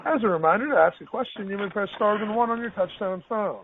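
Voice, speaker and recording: A man's voice: high-pitched, fast. A man working as a conference call operator, giving scripted instructions in a polite, formal way. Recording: tinny phone line with faint hiss.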